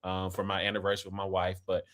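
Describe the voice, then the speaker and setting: A man's voice: sits low, completely flat delivery, quick pace, fairly bright tone. Loose-talking American man from Kansas City. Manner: rambling and loose, with frequent "right?" and "man". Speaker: podcast host. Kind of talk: casual conversation.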